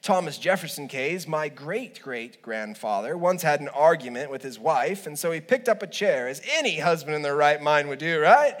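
A male pastor preaching a sermon, telling stories with humorous asides and lively swings between loud and quiet. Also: fairly high pitch, moderate pace, few pauses. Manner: humorous, animated storytelling with asides.

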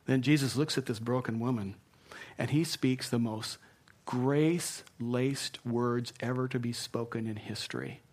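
A male pastor delivering a sermon in a middle-pitched voice. He preaches earnestly and with emphasis, then dropping soft and low for tender points. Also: measured pace.

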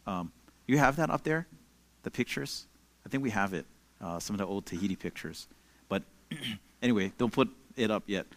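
A man's voice: fairly low pitch, moderate pace. A young man, a pastor giving a casual, conversational sermon and telling stories with plenty of "like" and "you know". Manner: relaxed storytelling with many fillers.

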